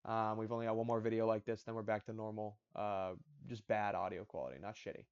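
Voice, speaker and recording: Heard through dull, lo-fi audio, this MMA predictions host talks fast in a smooth, lowish voice with a steady tone. He keeps things casual, going over his picks repeatedly and tripping into restarts.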